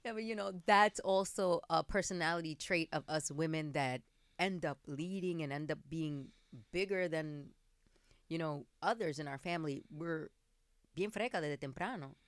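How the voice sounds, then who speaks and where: A woman's voice: sits low, moderate pace, clear, resonant tone, dry recording. A woman hosting a podcast, chatting playfully, laughing and mixing slang with Spanish phrases. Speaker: podcast host. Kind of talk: casual chat.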